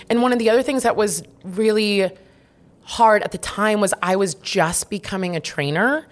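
A young woman in a candid interview, openly and emotionally reflecting on a hard past relationship. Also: lowish voice. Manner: open, reflective, emotional storytelling. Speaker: guest.

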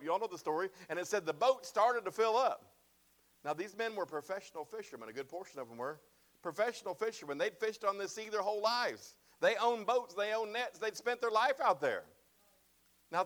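Male preacher, higher voice, emphatic sermon delivery, repeats lines and checks in with the congregation. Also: a bit bright. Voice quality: bald-headed preacher, self-described. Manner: emphatic, repeats phrases and asks "right?" and "amen?".

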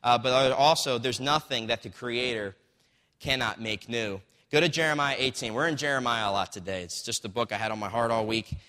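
Man, pastor, sermon, conversational storytelling, bright voice, long hall reverb. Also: mid-range voice, steady tone, a little fast.

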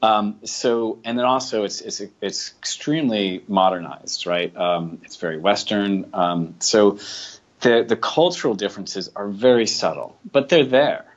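Deep-voiced American man, lo-fi audio. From United States, Rhode Island. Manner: relaxed, thinks aloud with many pauses. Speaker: guest, general manager. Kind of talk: casual interview talk.

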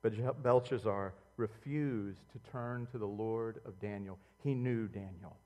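Animated preacher in a reverberant hall. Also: male voice, unhurried, highs cut off. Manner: animated preaching, swinging between loud outbursts and quiet, low intimacy. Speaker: pastor. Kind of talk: sermon.

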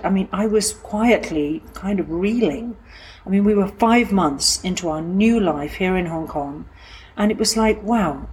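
Middle-aged woman, lowish voice, reflective first-person storyteller, halting delivery with restarts. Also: slight background noise. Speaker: storyteller recounting her own life.

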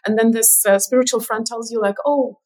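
A woman's voice: on the high side, steady tone, fast, darkish tone, rough recording. A woman author and speaker, a guest on a podcast, explaining her ideas thoughtfully with some "uh" fillers. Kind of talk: interview conversation.

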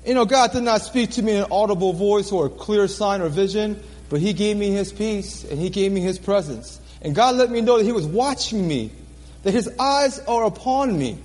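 Man, sermon testimony, high voice, lively pitch, earnest, repeats lines, hall reverb. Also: moderate pace. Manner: earnest, repeats phrases for emphasis, laughs at himself. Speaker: preacher.

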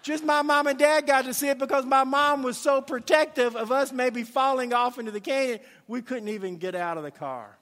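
A man's voice: very high-pitched, brisk, few pauses, a bit bright, big-room sound. A middle-aged man preaching a sermon, telling family stories in a folksy way with many fillers, in a church. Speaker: pastor.

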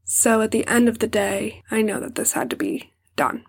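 A fairly high-voiced young woman talks through a painful personal story on her podcast. She pauses often to keep from crying and sometimes falls to a near whisper. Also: fairly even intonation, vocal fry, breathy edge. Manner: emotional, pausing to hold back tears. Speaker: podcast host.

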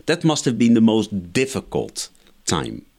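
Low-voiced man explaining in lively tones. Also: measured pace, breathy edge. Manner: lecturing, methodical, enumerates points. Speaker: biblical scholar guest. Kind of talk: explanatory interview answers.

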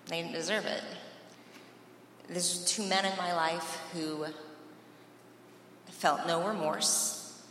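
A woman telling her personal faith testimony in an earnest, emphatic way, with dramatic pauses. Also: fairly low pitch, bright, forceful tone, a little hiss or hum. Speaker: speaker giving a personal testimony. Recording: echoey hall from far off, faint ambience.

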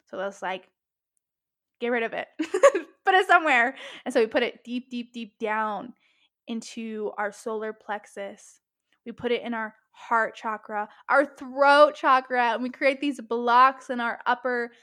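Animated high-voiced woman swearing casually. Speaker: podcast host. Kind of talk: casual self-help monologue.

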